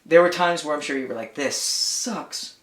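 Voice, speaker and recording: A man co-hosting an outdoor gear channel talks casually in a slightly high, rapid-fire, somewhat bright voice with roomy sound. He rambles a little and says "like" a lot.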